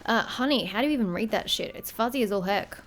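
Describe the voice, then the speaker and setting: A woman's voice: medium pitch, expressive, fast. Chatty woman swearing over gameplay. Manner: chatty, swears freely, reads game text aloud. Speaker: gamer. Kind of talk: casual gaming commentary.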